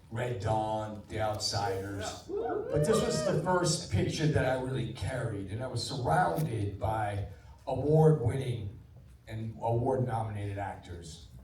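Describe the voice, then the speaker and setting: A man in his sixties, an actor telling stories to a cinema audience before a screening, animated, dropping to a hush for quoted lines. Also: lowish voice, distant mic, slight background noise. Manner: animated anecdotal storyteller, drops to a hush for quotes. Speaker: actor introducing a film screening. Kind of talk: live storytelling to a cinema audience. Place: cinema auditorium. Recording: roomy theater sound from off-mic.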